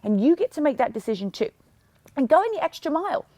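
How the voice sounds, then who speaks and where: A young woman hosting a podcast, giving an energetic, emphatic motivational talk and acting out other people in quick asides. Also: high voice, dry recording. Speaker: podcast host and fitness coach.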